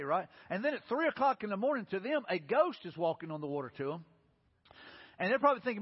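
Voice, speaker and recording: Fast-talking preacher, husky voice. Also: male voice, a little high, expressive. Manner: conversational, acts out quoted voices. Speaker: pastor. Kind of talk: sermon. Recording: muffled sound in a reverberant hall.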